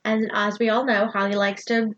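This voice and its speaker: A woman's voice: medium pitch, little pitch movement, moderate pace, muffled recording. A woman co-hosting a casual podcast who chimes in with quips and jokes about the book. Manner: joking, chiming in with quips. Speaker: podcast co-host. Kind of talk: casual chat.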